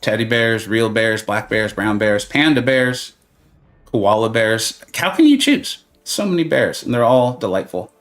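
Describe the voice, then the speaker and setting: A man's voice: fairly low pitch, a little slow, a bit bright. A man hosting a gaming live stream and answering viewer questions in casual chat. He is playful and joking, drifts into silly tangents, and gives advice in a chatty, reassuring way.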